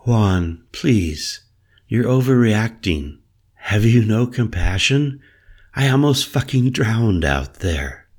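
Man voicing a soft, playful woman shaman. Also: on the low side, lively intonation, slow pace. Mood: pleading. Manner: soft, playful, a little mystical. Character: mysterious, teasing woman shaman.

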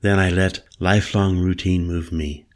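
A man narrating a first-person story in a measured, introspective way. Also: deep voice, fairly even intonation, a little mellow.

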